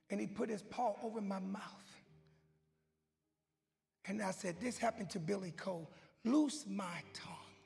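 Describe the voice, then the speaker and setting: A man preaching a sermon as he tells a story, swinging from hushed whispers to loud shouting, with a loud, goofy manner. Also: high-pitched, gravelly. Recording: long hall reverb with faint music.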